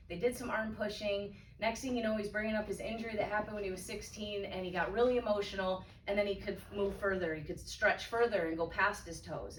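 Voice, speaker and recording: A woman's voice: mid-range voice, slight background noise. Woman telling her story in an echoey room. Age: 30s. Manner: candid, storytelling, frequent restarts. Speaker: guest speaker. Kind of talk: personal testimony talk. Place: event room. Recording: echoey room, voice from far off, faint ambience.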